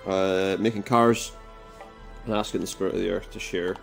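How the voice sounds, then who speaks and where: A man doing casual gameplay commentary, reading the game's dialogue aloud in a flat voice with dry, jokey asides. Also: sits low, a little fast, creaky, soft background music. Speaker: let's play commentator.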